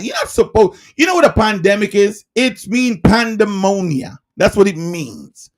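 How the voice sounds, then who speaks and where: A man preaching in a livestreamed sermon, emphatic and firing rhetorical questions, sometimes shouting. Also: very high-pitched, animated, moderate pace.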